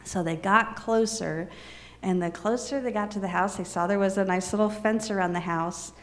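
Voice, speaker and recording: A woman telling a serialized story in an unhurried, soft-spoken way. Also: lowish voice, creaky.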